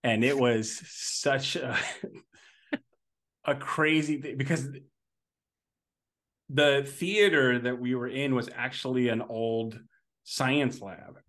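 A man's voice: mid-range voice, slow pace, pauses often, a bit bright. A man co-hosting a podcast, telling stories in casual chat, rambling with lots of fillers and restarts. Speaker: podcast co-host.

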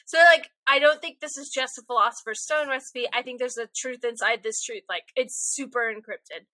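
A young woman co-hosting a podcast, chatting casually in an animated, rambling, self-deprecating way. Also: on the high side, brisk, no room sound. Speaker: podcast co-host. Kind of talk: casual chat.

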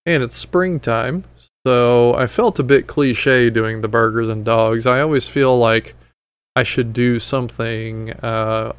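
A man's voice: mid-range voice, clean tone, dry recording. Rambling, self-mocking male podcast host. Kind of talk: casual solo podcast chat.

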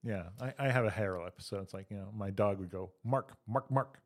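A man's voice: low-pitched, quick pace. A man co-hosting a comedy podcast, chatting casually and telling dad jokes and long joke stories. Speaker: podcast co-host.

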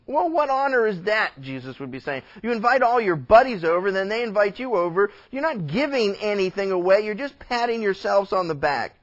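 A man's voice: sits high, lively intonation, a little fast, few pauses. A man pastor preaching a sermon in a folksy, conversational way. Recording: dull lo-fi recording.

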